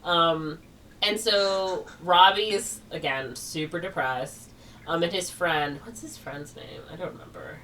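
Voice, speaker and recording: A woman's voice: fairly low pitch, a little slow, pushed and bright. A woman co-hosting a podcast who loosely retells a movie plot in a rambling way, with lots of "like" and laughs. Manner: rambling, filler-heavy with frequent "like" and laughs. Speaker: podcast co-host. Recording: distant mic with faint noise.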